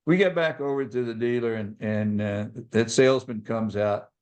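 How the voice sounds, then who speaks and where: A man's voice: mid-range voice, moderate pace. A man who is a podcast guest and author, telling a personal story and acting out the other people in it. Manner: animated storyteller, acts out voices.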